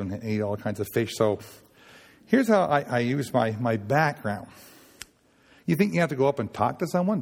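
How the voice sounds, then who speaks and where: Gravelly Nova Scotian man preaching. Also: medium pitch, darkish tone, long reverb tail. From Nova Scotia, Canada. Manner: homespun, halting, with many restarts and acted-out dialogue. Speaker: sailors' gospel worker speaking at a chapel. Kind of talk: folksy sermon talk with stories.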